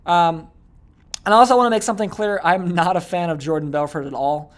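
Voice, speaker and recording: Talking a little fast in a high voice, a young man leads a casual online sales course. His chatty delivery is full of repeated words and frequent "okay"s and "like"s.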